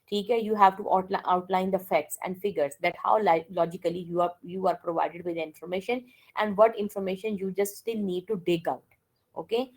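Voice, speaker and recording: A woman's voice: mid-range voice, low-quality recording. A woman giving a classroom lecture, mixing languages and often checking with "okay?". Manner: code-switches and keeps checking with "okay?".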